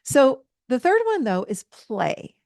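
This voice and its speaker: Woman teaching a self-help course, gravelly voice, dry close sound, encouraging and repetitive. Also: sits high, sing-song, takes it slowly, no room sound. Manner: warm, encouraging, repeats phrases for emphasis. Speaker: coach and course host.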